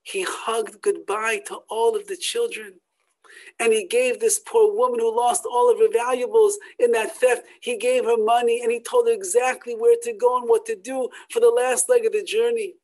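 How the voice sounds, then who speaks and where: A Torah teacher telling a story in a sermon, swinging from loud emphatic peaks to hushed near-whispers. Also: mid-range voice, flat delivery, normal speed, rough recording.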